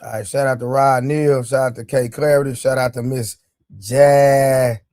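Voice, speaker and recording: A man's voice: mid-range voice, fairly even intonation, moderate pace, a little mellow, dry recording, clean studio sound. Laid-back man hosting a live chat. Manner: loose, joking, talks straight to his chat. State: sore leg, eating during the stream. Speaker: livestream show host. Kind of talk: casual live-stream chat.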